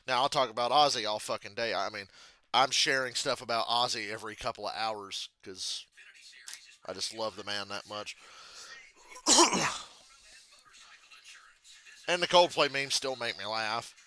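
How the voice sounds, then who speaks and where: Bright-voiced man ranting casually. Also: medium pitch, unhurried, pauses often. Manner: profane, laughing storyteller. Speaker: channel host. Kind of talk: casual live reaction chat.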